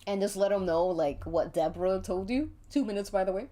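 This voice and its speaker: A woman's voice: medium pitch, brisk, dark tone. A woman narrating a murder mystery tabletop game on a stream, giggling playfully as she runs the scene. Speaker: game master.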